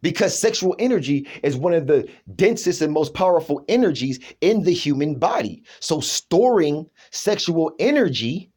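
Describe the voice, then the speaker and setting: A man's voice: a little high, big pitch swings, normal speed, few pauses, a little mellow. A man talking in a rambling personal monologue, emphatic, restarting often and checking in with his listener. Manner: emphatic, keeps asking "you know what I'm saying".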